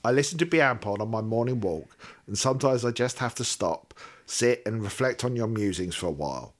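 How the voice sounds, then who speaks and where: A man's voice: fairly low pitch, animated, fairly quick. A man co-hosting a podcast, reading a listener's letter aloud steadily and adding wry asides. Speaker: podcast co-host.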